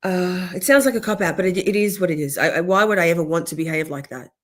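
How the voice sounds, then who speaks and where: Speaking quickly at a fairly low pitch, a young adult woman livestreams an emotional vent about something personal. She wanders, interrupts herself, and curses a lot, thanking people in the chat between thoughts.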